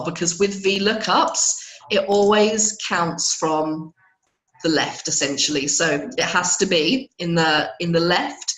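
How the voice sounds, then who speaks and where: A woman with a hoarse voice teaching spreadsheet functions in a live webinar, patiently checking in with her listeners. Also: lowish voice, fairly bright tone, roomy sound, low-quality recording. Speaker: Excel trainer.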